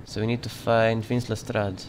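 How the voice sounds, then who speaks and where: A gaming channel host with a fairly low voice and little pitch movement talks at a moderate pace over background noise. During this let's play commentary he plays a border guard, adopting a playful mock-Russian voice and muttering as he goes through documents.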